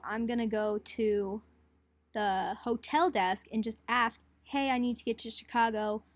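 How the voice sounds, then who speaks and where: A young college student tells the story of a hectic trip in a casual vlog, breathless and chatty, using lots of "like" and acting out the quotes. Her voice is a little high, with no echo.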